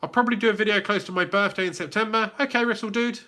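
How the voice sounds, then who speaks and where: A man's voice: high-pitched, steady tone, racing, sharp tone. A man with a British accent hosting a YouTube livestream Q&A, reading out viewers' comments and greeting them by name in a chatty way. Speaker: YouTube channel host.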